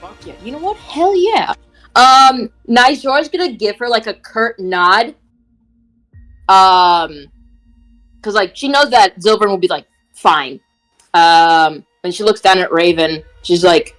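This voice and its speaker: A woman's voice: mid-range voice, slow, fairly bright tone, soft background music, low-quality recording. A woman player casually narrating what her character does, full of fillers. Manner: rambling, filler-heavy.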